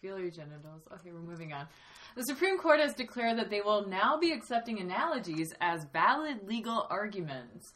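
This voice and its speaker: A woman's voice: medium pitch, sing-song, fairly quick, a bit bright. A woman moderating an improvised comedy podcast in a dry, matter-of-fact manner.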